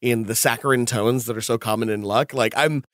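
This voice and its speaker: A man's voice: medium pitch, steady tone, brisk, dry recording. A man hosting and running a tabletop role-play podcast, chatting in a candid and easygoing way. His voice sits in a middle register, recorded close and dry with no room sound around it. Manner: chatty, candid, laughs often. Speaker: game master. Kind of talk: casual tabletop podcast chat.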